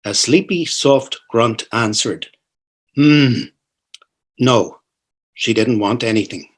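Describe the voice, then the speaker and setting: A man giving a literary reading of a novel, savoring each phrase with expressive delivery. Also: mid-range voice, unhurried, husky. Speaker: reader.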